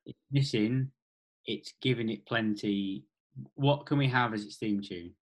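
A man co-hosting a comedy chat, adding quick jokes and agreeing often. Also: on the low side.

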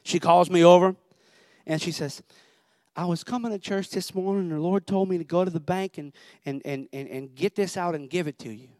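A young pastor tells a story from the pulpit in a loose, conversational way. His voice sits slightly high for a man. The recording is dry and close, with no room echo. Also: a little fast, a little mellow. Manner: conversational storytelling, Southern phrasing. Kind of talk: sermon with personal story.

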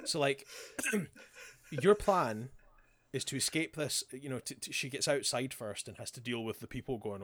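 A man's voice: medium pitch, lively intonation, fairly bright tone. A man, recapping a show as a podcast co-host in casual chat and acting out the characters' lines with sarcasm. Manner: sarcastic, acts out characters' lines in quick voices.

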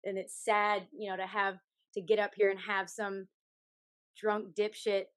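A woman's voice: medium pitch, measured pace, dry recording. Frank, outspoken woman singer on a dry mic. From Canada. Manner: frank, animated, swears freely, laughs often. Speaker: country singer, podcast guest. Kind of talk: candid interview storytelling.

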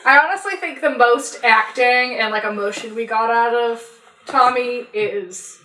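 A woman's voice: on the high side, unhurried, sharp tone. A woman co-hosting a casual podcast chat, rambling with lots of fillers and casual swearing. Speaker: podcast co-host. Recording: roomy echo.

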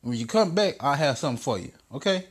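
A man's voice: a little high, lively intonation, quick pace, husky. A man voicing a brash, arrogant older president who is crude and barks profane orders. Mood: bossy, dismissive. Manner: bossy, profane, stammering demands.

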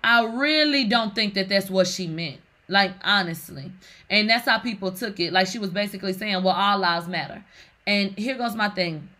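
A woman's voice: mid-range voice, moderate pace. A woman hosting casual gossip commentary in a sassy, slangy way, reading out online comments and reacting to them. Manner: sassy, animated, slangy, reads comments aloud. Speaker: commentary host.

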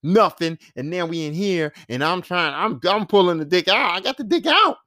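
A man's voice: fairly high pitch, moderate pace, pushed and bright. A man playing a brash, crude teenage girl. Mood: exasperated. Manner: profane, blunt and mocking.

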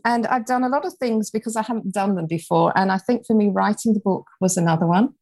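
A woman's voice: mid-range voice, a little fast, a little mellow, dry recording. A woman in her sixties from England, an author guest telling her story earnestly and reflectively in an interview. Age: 60s. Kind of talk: interview conversation.

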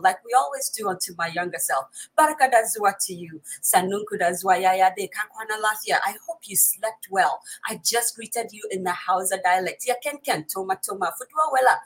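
Woman host, live-stream chat, bubbly and quick to laugh, a touch husky. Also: medium pitch, poor audio. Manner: energetic, greets viewers in many languages, laughs often. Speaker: host of a live online talk show.

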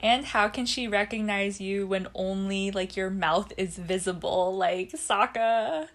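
A woman's voice: mid-range voice, a little slow, fairly bright tone. A young woman co-hosting a podcast in casual chat. She talks about a show, laughs often and acts out the characters' lines. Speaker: podcast co-host.

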